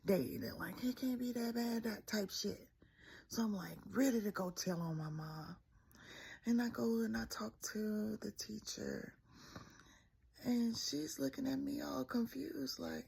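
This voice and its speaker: Young woman, frank storyteller, husky voice, slow delivery. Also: fairly high pitch, darkish tone. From Mississippi, US. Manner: candid, emphatic, profane storytelling. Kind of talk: personal storytelling.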